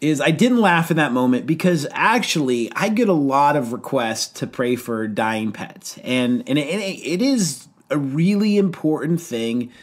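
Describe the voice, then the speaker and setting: A man with a fairly high voice tells a story on a podcast, laughing as he goes. He acts out the quoted lines and swings between hushed asides and bursts of excitement. It is relaxed, casual chat between friends. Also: measured pace, hardly any pauses. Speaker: youth pastor, podcast co-host.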